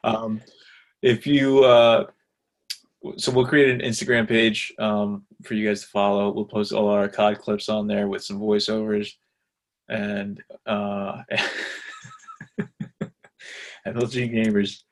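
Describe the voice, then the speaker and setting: A man's voice: on the low side, little pitch movement, takes it slowly, pauses often. A man co-hosting a podcast, chatting casually about his betting picks in a loose, rambling way and hyping them up. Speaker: podcast co-host. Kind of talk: casual sports betting chat.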